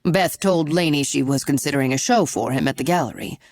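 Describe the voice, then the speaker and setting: A woman's voice: low-pitched, brisk, a little mellow, dry recording, studio quality. A woman reader voicing a chatty, sympathetic elderly man in an audiobook. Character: elderly wealthy man, kindly and talkative.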